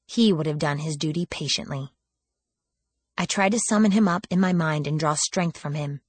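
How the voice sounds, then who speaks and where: A woman's voice: low voice, normal speed, breathy edge, no echo. A woman reading a first-person audiobook in a wry, sardonic storytelling manner, lifting her voice for quoted lines. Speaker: audiobook narrator.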